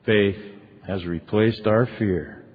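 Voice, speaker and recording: A middle-aged man tells his own story from the stage of a large convention ballroom, candid and chatty, full of "you know" and "man". His voice sits on the low side and sounds husky. The recording is thin and phone-like, with a long reverb trailing off the hall. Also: takes it slowly. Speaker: recovery meeting speaker. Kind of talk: personal story told from a stage.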